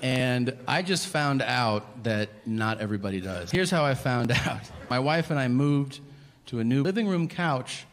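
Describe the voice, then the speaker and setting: A man's voice: mid-range voice, normal speed, background noise. A man performing stand-up comedy on a theater stage, telling profane stories and acting out the people in them. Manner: profane, animated storytelling that acts out the people in his stories. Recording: long hall reverb of a live venue.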